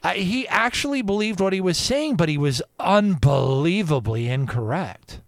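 A man's voice: sits high, very animated, moderate pace, dry recording. Guy rambling on his radio show, jumps from one thing to the next, dry close sound. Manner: rambling and digressive. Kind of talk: casual monologue.

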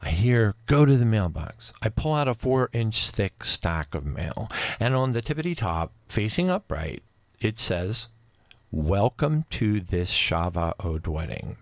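A man in his fifties telling a personal religious testimony, rambling and emotional, with frequent restarts and excited outbursts. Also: fairly low pitch, unhurried, no room sound. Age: 50s. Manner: rambling with many restarts and asides. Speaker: religious video speaker.

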